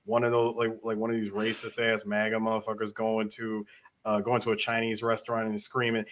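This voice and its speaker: A man co-hosting a podcast, talking in an excitable, emphatic casual way and repeating himself as he builds a point. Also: on the low side, brisk. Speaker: podcast co-host. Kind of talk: casual chat.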